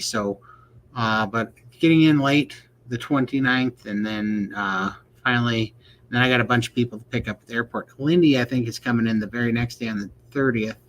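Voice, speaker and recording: A man's voice: mid-range voice, a bit bright, slight background noise, rough recording. A man co-hosting a casual livestream chat, joking in a folksy way and reading viewer questions aloud. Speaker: podcast co-host.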